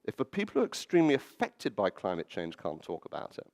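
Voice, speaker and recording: Animated man telling stories. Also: on the low side, fast talker. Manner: animated, acts out quoted voices and laughs at his own stories. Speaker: speaker at a public event. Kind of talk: storytelling public talk. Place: library event hall.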